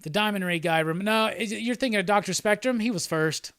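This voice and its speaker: Casual male streamer, loose and profane, a slightly high voice in a dry room. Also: brisk, a bit bright, smooth, no room sound. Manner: rambling and profane, with frequent laughs. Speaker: host. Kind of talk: casual livestream chat.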